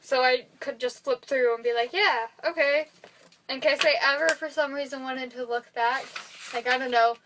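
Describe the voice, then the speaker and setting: A woman's voice: high-pitched, normal speed, noisy background. A young woman co-hosting a casual podcast, animatedly retelling movie scenes with frequent laughs. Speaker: podcast co-host. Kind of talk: casual chat.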